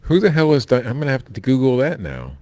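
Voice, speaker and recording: A man co-hosting a casual podcast, teasing the others with deadpan jokes. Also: medium pitch, quick pace, no echo. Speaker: podcast co-host. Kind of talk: casual chat.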